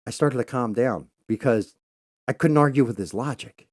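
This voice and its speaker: A middle-aged man hosting a talk show, telling a story casually, swearing freely and acting out his own loud outbursts. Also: mid-range voice, moderate pace, no room sound, clean studio sound. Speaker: podcast host.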